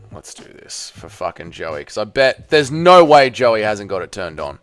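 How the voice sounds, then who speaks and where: A man's voice: lowish voice, big pitch swings, moderate pace, few pauses, a bit bright, faint music behind. A man hosting a casual live stream, reading chat aloud, laughing and swearing often.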